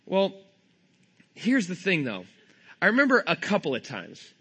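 A man's voice: sits high, huge pitch swings, measured pace, bright, forceful tone, breathy edge. A man in his thirties from California preaching a sermon, telling a humorous self-deprecating family story. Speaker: pastor.

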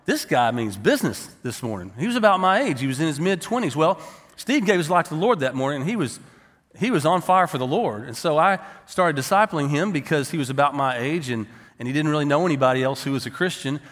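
Man, middle-aged, pastor, storytelling sermon, fairly high voice, reverberant church hall. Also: animated, fast, a bit bright. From Texas. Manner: storytelling, acting out quoted people. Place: church sanctuary.

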